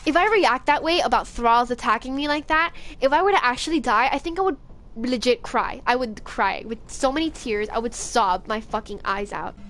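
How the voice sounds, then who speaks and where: A woman's voice: fairly high pitch, normal speed, a bit bright, a little hiss or hum. A young woman streaming a game, giving frantic, profane, jittery commentary.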